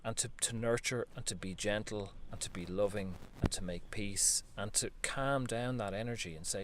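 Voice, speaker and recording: A man talking earnestly in a reflective spiritual monologue, gently coaching the listener and laughing softly now and then. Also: on the low side, moderate pace, hardly any pauses, slight background noise. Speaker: spiritual vlogger.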